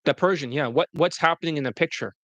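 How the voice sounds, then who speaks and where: A man's voice: on the high side, quick pace, a bit bright, no room sound. A man, a dating coach, telling stories to an interviewer in a blunt, profane, rambling way. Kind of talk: casual storytelling to an interviewer.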